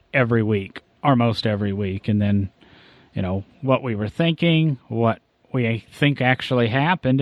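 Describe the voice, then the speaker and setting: A man's voice: medium pitch, no echo, lo-fi sound. A man hosting a casual car podcast, talking in a rambling, easygoing way with frequent self-corrections. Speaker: podcast host.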